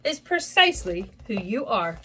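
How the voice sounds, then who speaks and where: Woman voicing a gentle bear, kindly, slow, thoughtful, lively pitch. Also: slightly rough, full character voice. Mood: warm. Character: gentle, simple-minded male teddy bear.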